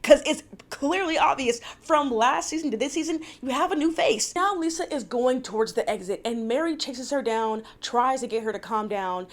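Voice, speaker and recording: Young woman, slightly high pitch, casual vlog recapper with blunt, exasperated opinions. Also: animated, normal speed, few pauses. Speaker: reality TV recap vlogger.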